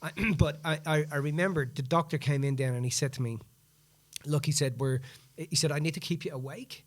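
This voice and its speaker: A man's voice: a little high, brisk. A man hosting a podcast, telling a story in casual chat and acting out what people said. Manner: animated, acts out quoted speech in the retelling. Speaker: podcast host.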